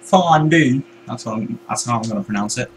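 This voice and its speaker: A man's voice: fairly low pitch, very fast. A man bantering playfully with his co-host during a live-streamed co-op game. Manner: playful, bantering, jumps between calm and shouty. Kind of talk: casual co-op game stream chat. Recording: noisy home recording.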